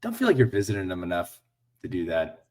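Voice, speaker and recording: A man's voice: sits low, huge pitch swings, fast, darkish tone. Chummy male podcast host asking questions. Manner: chummy, asks questions, backs the guest with short "mm-hmm"s. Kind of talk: casual interview chat.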